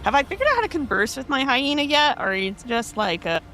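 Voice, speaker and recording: A woman's voice: high voice, big pitch swings, a little fast, pushed and bright, a little hiss or hum. A woman playing a tabletop game, chatty and playful. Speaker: player.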